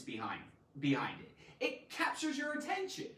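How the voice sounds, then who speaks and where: Animated woman teaching in an echoey room. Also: fairly low pitch, normal speed, hardly any pauses, far from the mic. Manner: animated and theatrical, loud exclamations. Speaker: grammar teacher. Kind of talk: live online grammar lesson.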